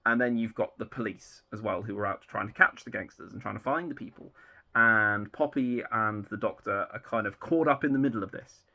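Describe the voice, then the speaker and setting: A fan writer outlines an episode of his own series, casually walking through the plot and rambling loosely with plenty of fillers. His voice is lowish, brisk and creaky, with a sharp tone.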